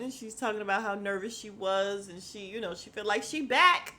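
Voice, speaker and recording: Animated slangy woman podcaster. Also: mid-range voice, moderate pace. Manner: animated, slangy, acts out quotes. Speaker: podcast host recapping reality TV. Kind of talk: casual chat.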